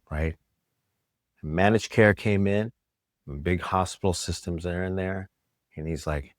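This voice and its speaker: A middle-aged man with a low, deep voice, chatting as a podcast guest. He tells his story in an animated way and slips into the voices of people he quotes. The recording is close and dry, with no room around it. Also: a little slow, pauses often, no room sound. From New York. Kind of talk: casual interview storytelling.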